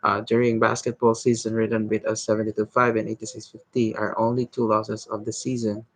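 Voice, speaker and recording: Brief: man doing a halting read-aloud of a novel, husky and gravelly, dry close sound. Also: on the low side, completely flat delivery, no room sound, rough recording. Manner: halting reading, stumbles and restarts words. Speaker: reader.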